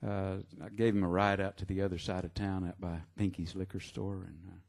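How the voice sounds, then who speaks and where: A man, a singer-songwriter, chatting between songs at a live show in a halting, rambling way with many fillers. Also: deep voice, little pitch movement, creaky, darkish tone. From Texas. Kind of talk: stage banter between songs. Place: live music venue. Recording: live concert with guitar playing. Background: guitar music.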